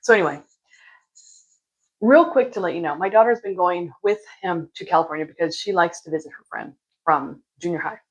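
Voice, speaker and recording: A vlogger in her forties tells a story to the camera in a casual, chatty, exasperated way, sipping wine as she goes and acting out what other people said. Her voice sits on the low side and moves a little fast, and the audio sounds dull.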